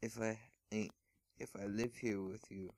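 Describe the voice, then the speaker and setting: A gentle, polite big male pony turned spider speaks in a fan fiction read-aloud, voiced by a man in a voice close to his own. The delivery is low-pitched and unhurried. The recording is dry and close. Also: level tone, dry recording. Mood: earnest. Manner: read plainly, without his usual put-on voice.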